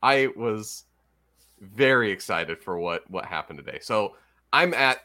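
A man's voice: on the low side, unhurried. A man co-hosting a casual podcast chat, telling a story with lots of laughter. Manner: animated storyteller, laughs often. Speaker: podcast co-host.

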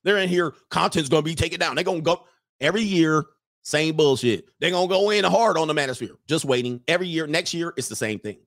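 A man's voice: a little high, quick pace, a bit bright. A man hosting a livestream show, giving a mocking, profane monologue full of repeated rhetorical questions.

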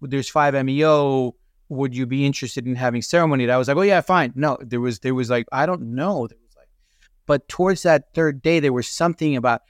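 A man speaks as a podcast guest with a mid-range pitch. He tells his story earnestly and reflectively, often restarting phrases. The recording is dry and close, with no room echo. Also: fairly quick, clean tone. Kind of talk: conversational storytelling.

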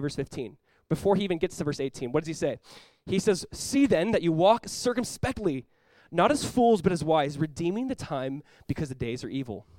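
Fast, emphatic man preaching a sermon. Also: fairly high pitch, darkish tone, no room sound, poor audio. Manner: earnest, emphatic, repeats words while building points; acts out short quoted voices. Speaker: pastor.

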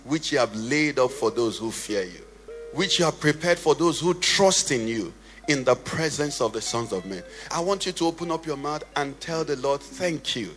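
A man preaching and leading prayer in church, with a passionate sing-song delivery that rises to shouts and falls to a hush. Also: mid-range voice. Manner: impassioned, sing-song cadence, swells to shouts then drops to hushed prayer. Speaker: pastor. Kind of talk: sermon and led prayer. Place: church sanctuary. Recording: reverberant church hall with faint music.

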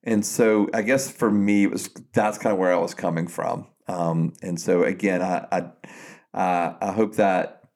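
A man with a fairly low voice speaks as a pastor on a casual podcast. He is earnest and reflective, and he often circles back and restarts his sentences as he works through his thoughts. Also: fairly even intonation, measured pace, a little mellow.

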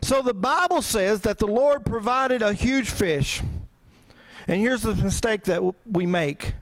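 A man's voice: sits high, lively intonation, a little slow. A male pastor preaching a sermon in a conversational way, full of rhetorical questions. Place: church.

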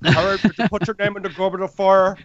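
A man's voice: high voice, fairly even intonation, quick pace, no room sound, dull audio, pitched above the performer's own voice, natural voice. This is a storybook reader with a broad, put-on Jamaican accent, as a man hams it up. The delivery is playful and exaggerated, with the lines bouncing along. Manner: playful, hamming it up.

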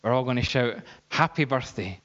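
A man's voice: mid-range voice, normal speed, fairly bright tone, close to an everyday voice. A man voicing a kindly middle-aged professor who recounts events earnestly. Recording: dull, echoey hall.

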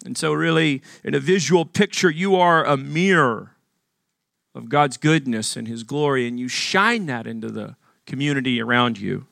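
A man's voice: mid-range voice, normal speed, vocal fry, a bit bright, dry recording, studio quality. A man from Arkansas preaching a sermon as pastor, earnest and emphatic, asking the congregation questions.

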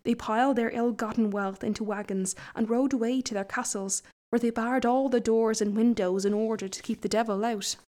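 A woman reads a folk tale aloud with an easy storytelling delivery. Now and then she breaks off for chatty asides. Her voice sits fairly high for a woman. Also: fairly even intonation, normal speed, few pauses, darkish tone. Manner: chatty asides between passages.

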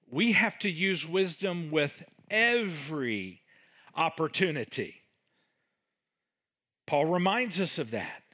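A male pastor delivering a sermon, reading scripture and voicing its speakers with dramatic shifts in loudness. His pitch moves a great deal and sits a little high for a man. He speaks slowly, with a bright, forward tone. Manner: reads scripture aloud with dramatic swings in volume and pitch.

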